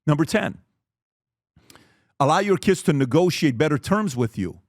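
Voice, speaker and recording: A man's voice: fairly high pitch, lively intonation, moderate pace, a little mellow, no room sound, studio quality. A man giving a motivational talk to fathers, blunt and emphatic, acting out family conversations as he goes. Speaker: speaker teaching fathers.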